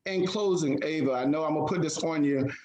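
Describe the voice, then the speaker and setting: A man's voice: on the high side, fairly quick, a little mellow, roomy sound, a little hiss or hum, low-quality recording. A man hosting an online community call, encouraging and a little hesitant, with many fillers. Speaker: host.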